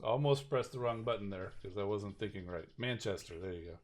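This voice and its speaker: A man's voice: on the low side, brisk, darkish tone. Easygoing man chatting on a game stream. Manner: easygoing, self-deprecating and chatty. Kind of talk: casual live-stream chat.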